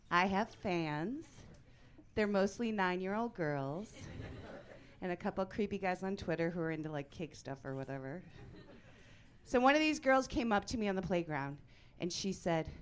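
A woman in her forties performing a stand-up comedy set on a club stage, deadpan with sudden loud punchlines. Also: medium pitch.

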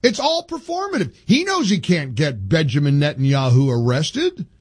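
Male radio host, slightly high voice, indignant and emphatic, studio monologue. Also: big pitch swings, moderate pace, slightly rough, no room sound. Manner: indignant, emphatic, with many restarts. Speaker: radio talk show host. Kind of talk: opinionated talk radio monologue.

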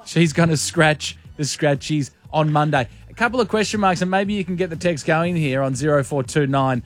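A man's voice: on the high side, moderate pace, faint music behind. A man with an Australian accent co-hosting a radio show, cheeky and playful, joking around. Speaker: radio co-host. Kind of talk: casual radio banter.

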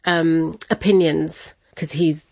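A woman interviewee telling a personal family story in a lively way, laughing often and acting out the voices of her family. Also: low-pitched, takes it slowly, vocal fry, dry recording.

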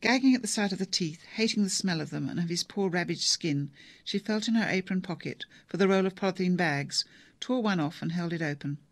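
A narrator reading a novel aloud in a measured, even storytelling manner. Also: medium pitch, no room sound. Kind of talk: audiobook narration.

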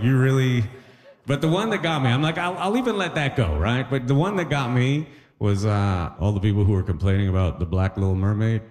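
A man doing a conversational stand-up comedy set on stage, animated and chatty, acting out little voices. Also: medium pitch.

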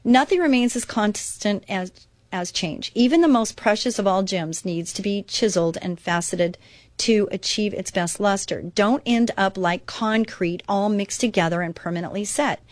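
A woman's voice: mid-range voice, moderate pace, no echo. A woman hosting her own Christian inspirational talk radio show, speaking earnestly and expressively and reading devotional passages aloud with her own commentary.

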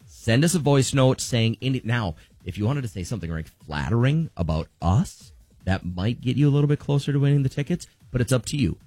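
A man's voice: mid-range voice, animated, fairly quick, mellow, no echo. A man hosting a morning radio show, joking with callers and giving contest instructions in a breezy, upbeat way. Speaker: radio host.

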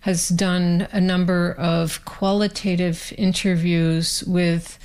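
A woman interviewer setting up a question in a calm, explanatory way. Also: lowish voice, takes it slowly, clean tone.

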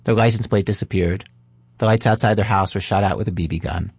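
A man hosting a podcast who narrates calmly and asks curious follow-up questions. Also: fairly low pitch, fairly quick, slightly rough, dry recording. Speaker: podcast host and interviewer. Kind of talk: narration and interview.

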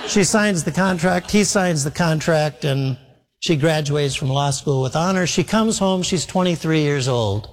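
A man's voice: fairly high pitch, measured pace, slight background noise. Male preacher in a reverberant hall. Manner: storytelling, acts out dialogue. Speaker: pastor. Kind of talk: sermon.

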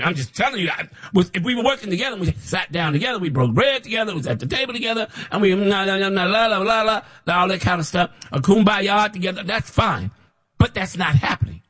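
A man with a slightly high, husky voice delivers an impassioned sermon, speaking as a prophet. He hammers his points with repetition and swings into loud mocking imitations of his listeners. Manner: preachy, repetitive, rises to shouts when mimicking others. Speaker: self-styled prophet preacher.

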